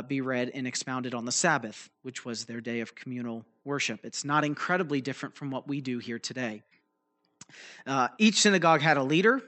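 Preaching a teaching sermon, a man with a little high, bright, forceful voice explains a Bible passage loosely, with fillers and restarts. He checks in with his listeners as he goes, frequently saying "right?" and "okay?"

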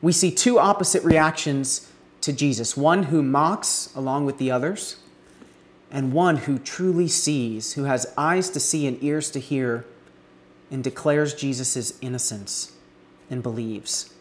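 An earnest male preacher working through a passage in a sermon. He leans hard into key words, and his voice lifts and falls between stresses. He sometimes halts and restarts a phrase. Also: medium pitch. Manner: earnest, rising emphasis on key words with some halting restarts. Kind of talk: expository sermon.

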